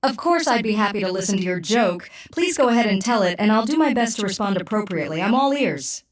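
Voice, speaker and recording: A woman's voice: medium pitch, animated, fast talker. A female AI voice assistant giving polite, helpful replies.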